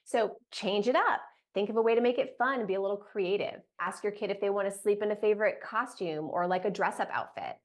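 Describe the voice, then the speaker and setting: A woman speaks straight to camera as a sleep coach and mother, sharing bedtime tips for parents. Her delivery is casual and conversational, peppered with "like" fillers, in an ordinary mid-range pitch. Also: fairly quick, few pauses.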